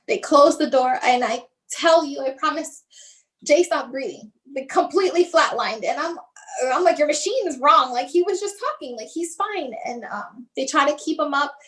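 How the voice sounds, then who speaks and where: High-voiced woman telling a painful story. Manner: halting, restarts often, fills with "like"; acts out others' lines in her retelling. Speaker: guest, bereaved mother. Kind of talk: emotional personal storytelling.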